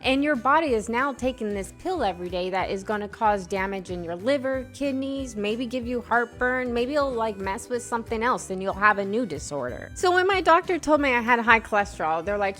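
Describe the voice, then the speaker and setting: A woman vlogger from the United States talks straight to her viewers in a loose, rambling way, full of fillers and shifting feeling. Her voice sits a bit high for a woman. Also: expressive, normal speed, hardly any pauses, fairly bright tone, soft background music. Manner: chatty, emotional, rambling with many fillers. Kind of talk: casual opinion vlog.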